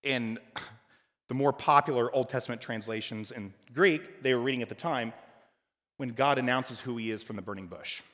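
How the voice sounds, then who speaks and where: A man preaching a sermon as pastor, dynamic, moving between loud emphatic lines and quiet, hushed ones. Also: medium pitch, normal speed. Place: church hall. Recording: church hall with long reverb.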